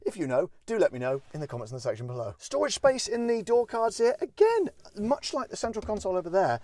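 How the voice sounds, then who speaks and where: Rambling, jokey car reviewer. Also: male voice, high-pitched, very animated, fast, warm tone, no echo. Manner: rambling, self-deprecating, jokey asides. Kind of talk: casual car walkaround review. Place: in and around a parked car.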